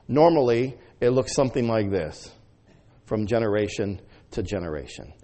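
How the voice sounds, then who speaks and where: A man's voice: on the low side, mellow. A male preacher giving a conversational sermon, reading scripture with emphasis and using fillers.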